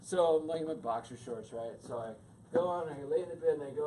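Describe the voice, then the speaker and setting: A man's voice: medium pitch, fast. A man giving a storytelling talk to an audience, acting out the voices in his stories. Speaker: speaker. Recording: distant mic with steady noise.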